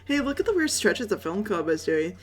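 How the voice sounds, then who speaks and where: A woman's voice: mid-range voice, sing-song, brisk, slightly rough. A rowdy young tough sneers and taunts with a brash edge, as a woman puts him on. Game music runs faintly underneath. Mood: taunting.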